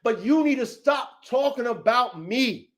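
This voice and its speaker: High-voiced man ranting angrily. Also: expressive, a little slow. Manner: profane, repetitive, confrontational. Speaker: dog trainer and show host. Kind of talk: heated podcast rant.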